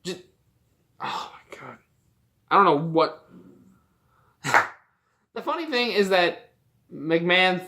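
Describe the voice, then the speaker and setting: A young Canadian adult who vlogs about wrestling launches into a loose, unscripted opinion rant, heated and exasperated and swearing freely. His voice is bright and forward at a middling pitch.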